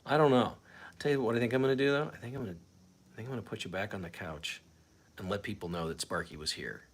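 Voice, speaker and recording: A man's voice: on the low side, fast talker. Chatty man hosting a live stream from home. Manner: rambling, chatty, talks to his dog and viewers. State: out of breath. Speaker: host of a live fan stream. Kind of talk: casual live-stream chat.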